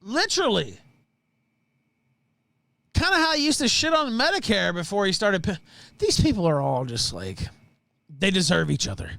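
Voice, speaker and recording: A man's voice: high-pitched, big pitch swings, moderate pace, gravelly, pauses often, bright, forceful tone, no room sound. A man hosting a livestream, delivering profane, mocking rant commentary. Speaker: livestream show host. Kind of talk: ranting commentary.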